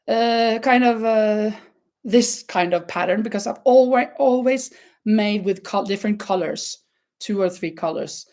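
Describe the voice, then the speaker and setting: A woman chatting casually about her knitting and crochet projects, often restarting words as she talks. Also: unhurried. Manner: chatty, restarts words, lively rises in pitch. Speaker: crafts vlogger. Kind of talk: casual chat showing crafts.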